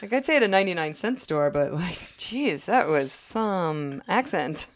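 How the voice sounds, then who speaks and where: A woman co-hosting a podcast, recapping an episode in casual chat with wry, quick asides. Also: lowish voice, lively intonation. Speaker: podcast co-host.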